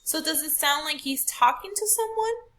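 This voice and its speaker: A woman's voice: sits high, lively intonation, normal speed, pushed and bright. A woman teacher walking a class through a poetry question, patient and step by step, asking rhetorical questions. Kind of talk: recorded classroom lesson.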